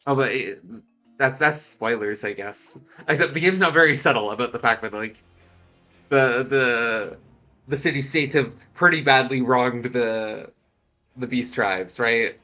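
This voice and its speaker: A man's voice: medium pitch, unhurried, sharp tone, faint music behind. A Scottish man streaming a game, stuffed up, making joking asides that trail off and restart. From Scotland. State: congested. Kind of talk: casual gameplay commentary.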